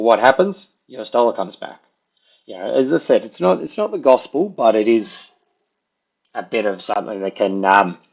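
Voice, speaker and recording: A man's voice: mid-range voice, creaky, breathy edge. A man casually walking through price charts as a market analyst, loose and conversational, with plenty of filler words. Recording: dull lo-fi audio.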